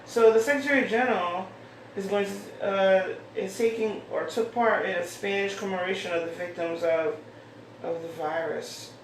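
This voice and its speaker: A woman's voice: mid-range voice, fairly even intonation, moderate pace. A woman hosting her own show, chatting casually and rambling as she reads out mail she has been sent. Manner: rambling, chatty, thinks aloud. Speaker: host. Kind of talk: casual solo chat, reading out mail. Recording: echoey room, far from mic, faint hiss.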